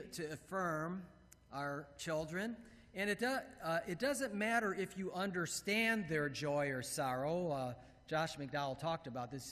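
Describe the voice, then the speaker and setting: A man in his fifties, a pastor, preaching a sermon with animated storytelling and playful acted-out quotes. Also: on the high side, big-room sound. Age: 50s. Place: church sanctuary.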